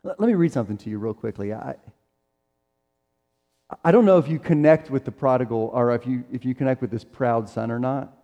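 A man's voice: medium pitch, fairly quick, warm tone, highs cut off. A middle-aged man preaching a sermon in a conversational way, acting out the quotes he tells. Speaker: pastor. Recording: long reverb of a large hall.

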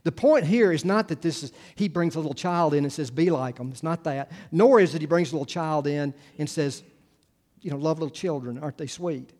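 A man's voice: a little high, a little fast, a little mellow. A man preaching a sermon to a congregation, speaking in a conversational way with frequent restarts and asides. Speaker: pastor.

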